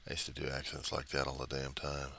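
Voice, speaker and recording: A man's voice: a bass voice, creaky, bright, forceful tone, a little hiss or hum. A man from the United States, rambling and trailing off in a personal video diary, with mild cursing. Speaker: video diarist.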